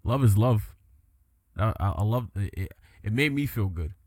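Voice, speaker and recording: A man hosting a casual podcast chat, animated and laughing often, slipping into joking put-on voices. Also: lowish voice, normal speed, no room sound, clean studio sound. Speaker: podcast host.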